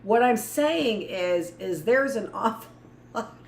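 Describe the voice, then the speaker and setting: A middle-aged woman reads a book aloud to a live class at a middle pitch. She breaks off often into blunt, rambling asides of her own. The room echoes around her, with a faint hiss underneath. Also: expressive, takes it slowly, gravelly. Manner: rambling, blunt asides between read passages. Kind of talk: live book reading with commentary.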